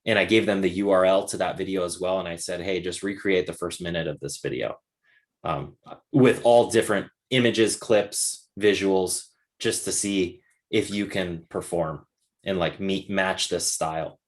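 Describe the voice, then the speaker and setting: Deep-voiced guy running a webinar on a video call, laid back, says like a lot. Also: normal speed. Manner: relaxed, filler-heavy, encouraging. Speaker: webinar host and course instructor. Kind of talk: casual Q&A chat.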